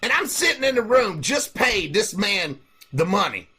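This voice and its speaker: Man, husky voice, bright and forceful tone, swears constantly, comedic podcast chat. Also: sits high, normal speed. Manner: profane, animated storytelling. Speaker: podcast host.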